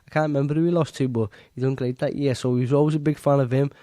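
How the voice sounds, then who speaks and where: A man answering questions as a podcast guest, slow and plain-spoken. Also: mid-range voice, steady tone, mellow, dry recording, clean studio sound. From Merseyside, England. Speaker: guest, boxer. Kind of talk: casual interview answers.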